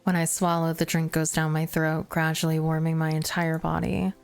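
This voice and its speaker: A woman streamer reading a visual novel aloud, narrating in first person with expressive, self-mocking asides. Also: low-pitched, moderate pace, vocal fry, clean tone.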